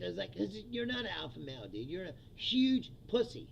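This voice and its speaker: A man rants on his livestream, swearing freely and breaking into laughter. His voice is pitched high and very gravelly, with a bright, forceful edge. Faint background noise sits under the talk. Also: big pitch swings, brisk, muffled recording. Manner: profane, laughing, heated. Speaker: livestream host. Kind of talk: casual political rant.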